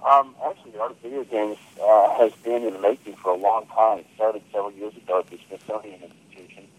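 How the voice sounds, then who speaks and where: A man, a museum curator explaining things in a relaxed, friendly way on a phone interview. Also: fairly low pitch, quick pace, no echo, rough recording. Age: 50s.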